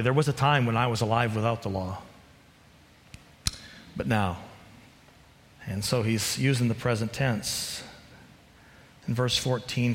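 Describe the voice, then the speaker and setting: A man preaching a sermon, shifting from quiet, low musing to loud, fervent shouting, acting out an inner voice with sighs and slow, drawn-out words. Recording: long hall reverb.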